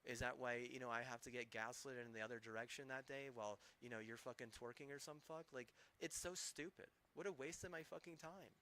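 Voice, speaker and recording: A man's voice: mid-range voice, brisk, hardly any pauses, sharp tone. A man streaming, ranting angrily with heavy swearing and rambling, restarting sentences. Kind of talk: angry profane rant.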